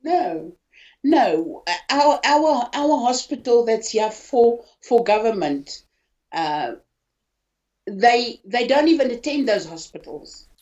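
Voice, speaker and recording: An older woman from South Africa telling of her own hospital ordeal in a halting, emotional way, often repeating words. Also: fairly high pitch, big pitch swings, a little mellow. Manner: halting, repeats words, voice rising when upset. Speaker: interviewee, hospital patient. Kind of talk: emotional personal account. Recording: dull lo-fi audio.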